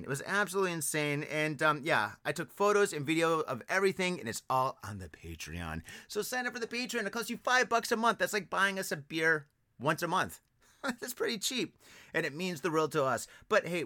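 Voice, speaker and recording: A man hosting a podcast in casual chat, excitable and profane, who laughs often. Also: a little high, no echo, clean studio sound. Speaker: podcast host.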